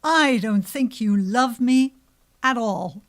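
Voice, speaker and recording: A woman doing a booming angry king. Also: slow pace. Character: angry proud old king.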